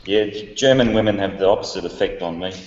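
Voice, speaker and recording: A man's voice: low voice, fast, a little mellow, slight background noise. A man chatting casually in a group voice chat, laid-back with dry jokes. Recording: roomy lo-fi voice chat with long echo.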